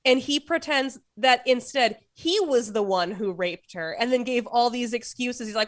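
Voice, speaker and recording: A woman co-hosting a podcast in casual chat, measured and thinking aloud. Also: a little high, no room sound. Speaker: podcast co-host.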